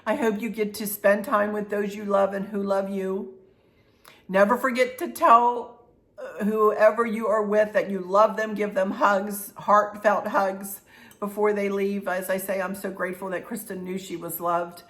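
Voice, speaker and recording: A middle-aged woman runs her own vlog, speaking in a mid-range, fairly bright voice that stays fairly flat in pitch and moves at a measured pace. Her talk is heartfelt and casual but rambling, full of fillers and restarts.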